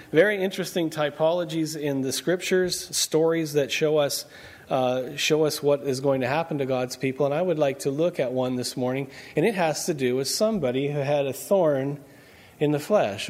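A man's voice: on the high side, normal speed, a little mellow. A man preaching a sermon in a conversational way, quizzing his congregation with questions as he goes. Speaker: pastor.

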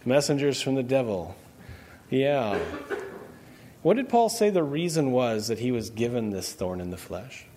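A man's voice: mid-range voice, very animated, measured pace, mellow, a little hiss or hum. A man preaching a sermon in a conversational way, quizzing his congregation with questions as he goes. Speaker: pastor.

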